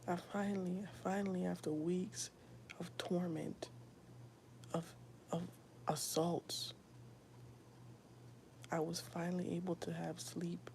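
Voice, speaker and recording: Softly whispering woman, gravelly and dark. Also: fairly low pitch, level tone, a little hiss or hum. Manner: soft, often whispered, halting with many fillers. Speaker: streamer sharing a personal testimony. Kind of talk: whispered personal testimony.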